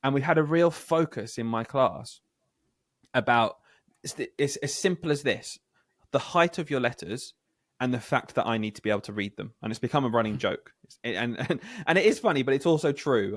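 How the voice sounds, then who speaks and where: A man with a northern English accent, co-hosting a podcast as a primary teacher, telling stories in an animated, laughing way. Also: medium pitch, dry recording, studio quality. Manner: animated, laughing, quick storytelling. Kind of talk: casual chat.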